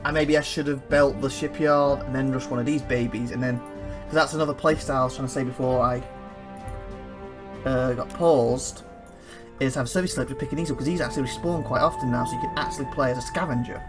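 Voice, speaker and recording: A man commenting on his own strategy game, thinking aloud and rambling fast with a dry throat he keeps clearing. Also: mid-range voice, fairly even intonation, music in the background. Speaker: let's play host. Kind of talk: gameplay commentary.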